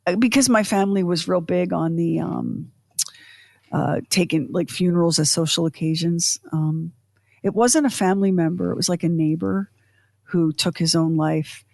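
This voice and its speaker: A woman co-hosting a podcast, in chatty, animated casual talk full of fillers and asides. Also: fairly low pitch, normal speed, creaky, dry recording. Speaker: podcast co-host. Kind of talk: casual chat.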